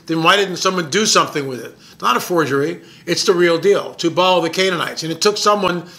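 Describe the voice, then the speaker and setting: A man telling a story about his documentary in an excited, emphatic way, often repeating words as he goes. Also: high voice, fast talker. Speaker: documentary filmmaker. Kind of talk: casual storytelling monologue.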